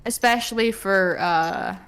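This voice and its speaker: A woman's voice: medium pitch, unhurried, a bit bright, slight background noise. A woman co-hosting a live stream in casual chat, rambling with restarts and the odd swear.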